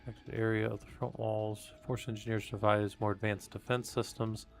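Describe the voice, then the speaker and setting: A man's voice: lowish voice, little pitch movement, moderate pace, faint music behind. A man reading research papers aloud on a live stream and commenting casually between passages, with fillers and restarts. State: coughing, hiccups.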